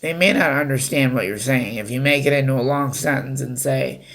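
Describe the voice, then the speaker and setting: A man talking off the cuff to his viewers, giving advice in a halting way with many fillers and restarts. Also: medium pitch, vocal fry, a bit bright. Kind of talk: unscripted talk to camera.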